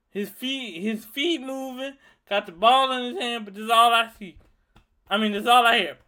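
A young man from Louisiana in his twenties rants through a solo podcast, swearing freely and telling stories with animated heat. His voice sits high for a man and cuts through with a piercing, tense brightness. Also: normal speed. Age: 20s. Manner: animated, profane, heated storytelling. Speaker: podcast host. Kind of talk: ranting solo monologue.

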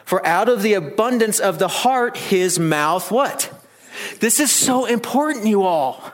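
A man's voice: high voice, animated, measured pace. A man preaching a sermon, earnest and emphatic, asking the congregation many questions. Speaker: pastor.

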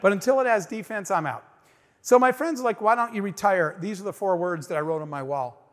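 A man's voice: sits high, fairly quick. Middle-aged man, motivational stage talk, emphatic storyteller, raised voice, long echo. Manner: emphatic storytelling, addresses the audience directly. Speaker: motivational speaker. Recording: long hall reverb.

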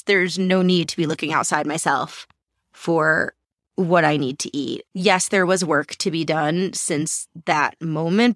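A woman in her forties tells stories about herself, candid and quick to poke fun at herself. Her voice sits fairly low for a woman, and the sound is close and dry. She talks casually, acting out her old thoughts with lively turns. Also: no room sound. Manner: candid, self-mocking, animated storytelling. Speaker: podcast host. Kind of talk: casual interview answers.

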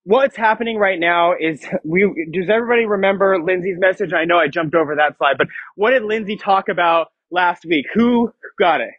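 High, husky young youth pastor. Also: male voice, moderate pace, few pauses, dry recording. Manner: playful, joking with students, reads scripture aloud. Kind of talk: youth sermon. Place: church youth room. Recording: dull lo-fi sound.

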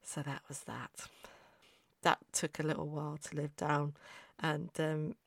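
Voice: mid-range voice, flat delivery, unhurried, creaky, a bit bright, no room sound, studio quality. A podcaster telling personal stories in a chatty, self-mocking way, often trailing off and restarting. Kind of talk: casual anecdotal storytelling.

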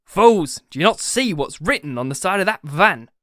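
A man voicing a grumpy old male donkey who shouts in alarm. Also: sits high, lively intonation, normal speed, no room sound, clean studio sound, voice pushed up. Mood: angry.

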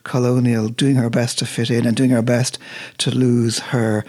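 A man, co-hosting a book show in a thoughtful, measured way with some hesitant restarts. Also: medium pitch, little pitch movement, darkish tone. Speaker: co-host of a books show. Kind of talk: relaxed literary radio chat.

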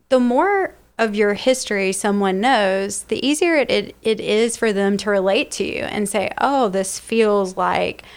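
A woman's voice: mid-range voice, clear, resonant tone. A woman in her thirties co-hosting a podcast, talking reflectively and laughing often. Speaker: podcast co-host. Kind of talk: casual chat.

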